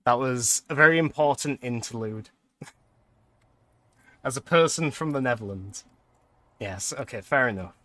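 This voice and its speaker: Young male streamer, bright clear tone, chatty, laughs a lot. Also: mid-range voice, measured pace, pauses often, no echo. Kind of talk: casual gameplay commentary.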